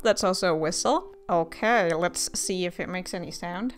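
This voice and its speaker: A woman's voice: on the low side, normal speed. A young woman chatting casually as she unboxes art supplies, playful and a little sarcastic. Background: faint guitar music.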